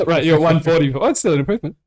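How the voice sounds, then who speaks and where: A man's voice: on the high side, expressive, fast talker, a little mellow. A man, a podcast guest talking casually and rambling through hypotheticals with lots of restarts.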